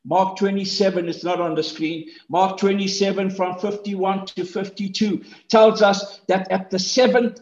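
A man preaching a sermon, rhetorical and emphatic, who builds up to loud shouted points and asks the listeners questions. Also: high-pitched. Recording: echoey, slightly muffled room.

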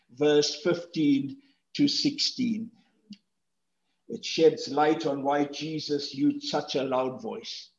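A man preaching a sermon, rhetorical and emphatic, who builds up to loud shouted points and asks the listeners questions. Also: on the high side. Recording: echoey, slightly muffled room.

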